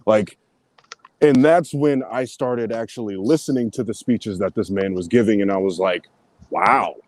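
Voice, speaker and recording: A man in casual chat, telling his story in an animated, profane way. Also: fairly low pitch, normal speed, no room sound.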